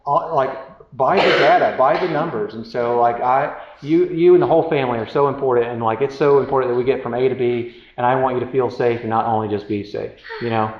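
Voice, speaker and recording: A man's voice: mid-range voice, fairly even intonation, fast talker, hardly any pauses. A man giving relationship advice through a casual, candid story, self-deprecating and rambling with many fillers. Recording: roomy, dull sound with faint noise.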